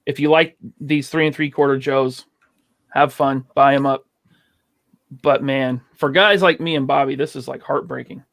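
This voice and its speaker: A man's voice: mid-range voice, fairly even intonation, moderate pace, vocal fry, a bit bright, no echo, studio quality. A man co-hosting a podcast, talking earnestly in casual chat with many hesitations. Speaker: podcast co-host.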